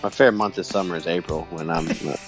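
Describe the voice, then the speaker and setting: A man's voice: low voice, fast, faint music behind. A man co-hosting a casual wrestling podcast, joking and laughing often as he talks. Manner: jokey, animated, laughs often. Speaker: podcast co-host.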